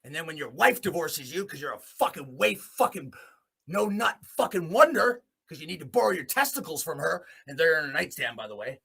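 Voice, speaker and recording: A man from Alberta, Canada, hosting a podcast and delivering an angry, profane rant, swinging between low muttering and shouting. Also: big pitch swings, fairly quick, vocal fry, breathy edge. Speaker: host. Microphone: podcast mic in a small room.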